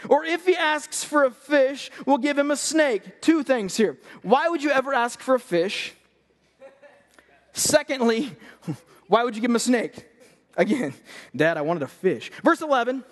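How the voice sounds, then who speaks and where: A man in his thirties preaches from a church stage with a strikingly high voice. He talks to the crowd in a chatty, energetic way, breaking into jokes. The sound rings with a long hall reverb. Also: unhurried. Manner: energetic, joking, conversational. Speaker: youth pastor. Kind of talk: sermon.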